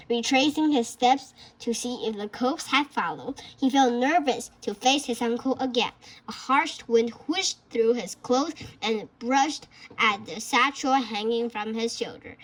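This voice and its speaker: Slow, stumbling woman reading a storybook. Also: on the high side, fairly bright tone. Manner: halting, often stumbles and restarts words. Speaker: reader of a children's novel. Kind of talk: storybook read-aloud.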